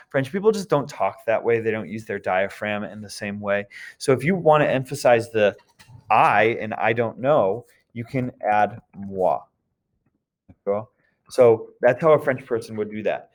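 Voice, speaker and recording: A man's voice: mid-range voice, lively intonation, normal speed. A man teaching a recorded lesson, patiently explaining examples in English and French and often checking in with his students.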